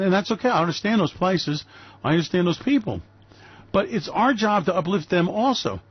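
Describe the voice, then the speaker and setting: Older man from New York City, radio host, ranting and emphatic; husky voice with dull, lo-fi sound. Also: on the high side, dry recording. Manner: emphatic, ranting, rhetorical questions. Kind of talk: opinionated radio commentary.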